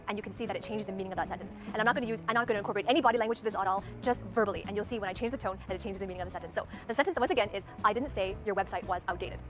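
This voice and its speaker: Casual: woman teaching speaking tips super fast, music playing under her. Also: mid-range voice. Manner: methodical, demonstrates stress and tone aloud. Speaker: speaking coach. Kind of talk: instructional talk. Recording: clear background music under voice.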